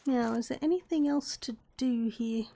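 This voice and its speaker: High, mellow Australian woman gaming. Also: normal speed, creaky. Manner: chatty, thinks aloud to herself. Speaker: gaming YouTuber. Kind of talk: casual let's-play commentary.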